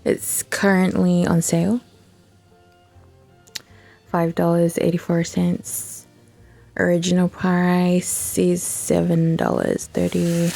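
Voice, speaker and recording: A woman's voice: on the low side, monotone, slow, vocal fry, pauses often, mellow, faint music behind. A woman hosting a gaming channel, chatting casually and rambling to herself while she browses, with laid-back, profane asides.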